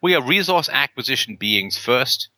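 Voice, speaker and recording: Bright-voiced, emphatic male call-in host. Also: medium pitch, animated, moderate pace, dry recording. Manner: emphatic, with rhetorical tag questions and frequent fillers. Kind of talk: casual argumentative talk on a call-in show.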